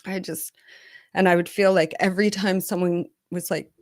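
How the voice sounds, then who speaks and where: Earnest woman intimacy coach for a candid confessional vlog, fairly low-pitched, recorded dry and close. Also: fairly even intonation, moderate pace, dry recording. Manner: candid, earnest, with frequent restarts. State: emotional, close to tears.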